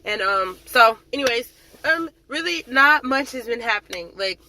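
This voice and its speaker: Chatty, dramatic woman with a bright voice. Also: fairly high pitch, lively intonation, normal speed, a little hiss or hum. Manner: chatty and dramatic, with frequent fillers. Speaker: drill sergeant. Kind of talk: casual vlog chat.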